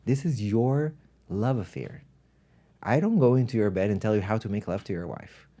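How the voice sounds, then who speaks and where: Low, mellow-voiced male spiritual teacher. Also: expressive, moderate pace. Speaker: spiritual teacher, podcast guest. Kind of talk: reflective storytelling in conversation.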